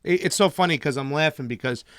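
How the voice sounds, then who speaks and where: Young male interviewer with a high, dry voice and a chatty questioning style. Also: no echo. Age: young adult. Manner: conversational, quick questions, laughing asides. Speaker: show host. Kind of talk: casual political interview.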